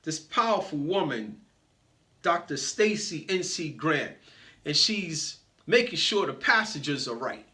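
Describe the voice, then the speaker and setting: A high-pitched man telling a motivational story to an audience, unhurried and deliberate. His voice is bright and forceful, and he playfully calls out listeners by name. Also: sing-song. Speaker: motivational speaker.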